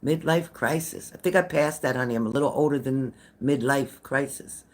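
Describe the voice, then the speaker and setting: A woman's voice: extremely low pitch, normal speed. An older woman, a psychic medium, chatting casually with viewers on a live stream, greeting them by name and repeating herself.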